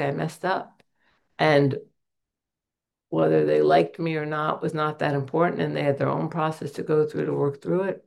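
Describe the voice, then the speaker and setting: Sharing at a recovery meeting, a middle-aged woman speaks in a low, darkish voice with vocal fry. Earnest and candid, she tells stories on herself with self-deprecating humor.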